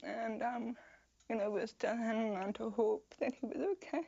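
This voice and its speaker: A woman in a documentary interview, speaking softly and hesitantly. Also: a little high, fairly even intonation, normal speed, vocal fry, breathy edge. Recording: dry, dull lo-fi sound.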